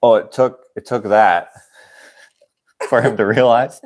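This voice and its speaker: A man's voice: medium pitch, steady tone, a little slow, darkish tone. A young man hosting a casual livestream, rambling and chuckling as he acts out the people in his stories. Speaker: channel host.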